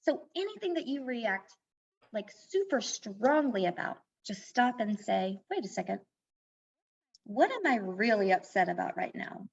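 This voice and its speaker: A woman's voice: medium pitch, sing-song, a little slow, gravelly, slightly rough. A woman life coach being interviewed on a podcast, explaining things earnestly and mixing advice with personal stories. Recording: dull lo-fi sound.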